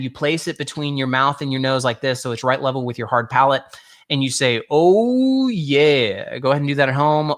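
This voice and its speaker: This man's voice is mid-range and a bit bright as he coaches a singing workshop. Talking directly to the people listening, he explains with patience, though he keeps correcting himself in the middle of words.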